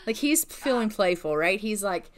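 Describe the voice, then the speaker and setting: A woman's voice: mid-range voice, lively intonation, moderate pace. A woman giving casual gameplay commentary, chatty and full of filler words, laughing often. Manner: chatty, full of "like" and "you know". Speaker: let's-play creator.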